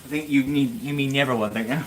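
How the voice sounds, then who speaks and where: A man's voice: medium pitch, quick pace, a little hiss or hum. A man chatting casually on a live stream, teasing viewers with banter and frequent chuckles.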